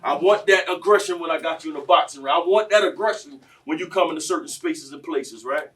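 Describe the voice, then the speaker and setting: A man, telling stories on a panel in a preachy, impassioned way that swings between quiet and loud. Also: fairly high pitch, brisk, distant mic. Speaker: panel speaker.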